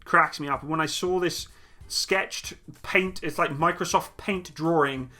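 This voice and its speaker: A man with a slightly high, pushed and bright voice reads chat questions aloud at a measured pace during a casual live Q&A stream. He's jokey and relaxed, laughs easily, and faint upbeat music is audible.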